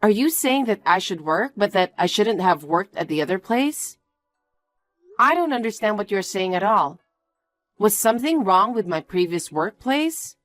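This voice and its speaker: An earnest young woman, hurt but firm, pleading and questioning in a scripted story, as a woman voices her. Her pitch sits mid-range for a woman. Faint music plays behind her. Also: animated, moderate pace, close to an everyday voice. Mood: upset.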